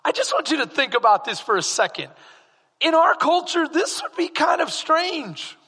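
Male pastor, high ringing voice, sermon in a reverberant church hall. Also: moderate pace. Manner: animated preaching with rhetorical questions to the congregation.

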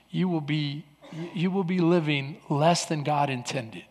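High-voiced preaching pastor, man. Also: measured pace, hardly any pauses, big-room sound. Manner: preaching with a loud, lively delivery that drops to soft, earnest talk; repeats words and restarts often. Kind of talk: sermon. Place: large church.

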